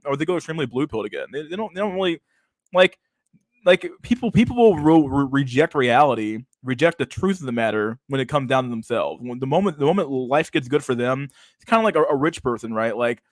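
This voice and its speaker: A young man rants over a video he is reacting to, crude and mocking, stumbling into constant restarts. His voice sits mid-pitch and is recorded dry and close, with no room sound. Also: no echo. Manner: crude, mocking, rambling with many restarts and "bro". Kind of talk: casual profane reaction commentary.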